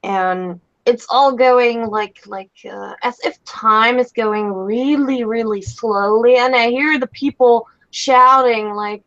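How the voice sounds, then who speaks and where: A woman playing a tabletop role-play game, describing her character in a halting, dreamy way with many restarts. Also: on the high side, steady tone, fairly bright tone, muffled recording. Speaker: player.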